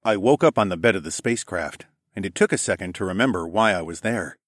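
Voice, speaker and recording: A man narrating a first-person story in a relaxed, expressive audiobook reading. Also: deep voice, quick pace, no room sound, clean studio sound.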